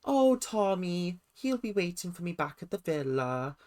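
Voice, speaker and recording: A vlogger doing a lovesick young woman in a clumsy mock Welsh accent, sighing over her boyfriend in slow, drawn-out, mooning phrases. She sounds quieter and a touch further from the mic than the voice around her. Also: medium pitch, very animated. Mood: pining.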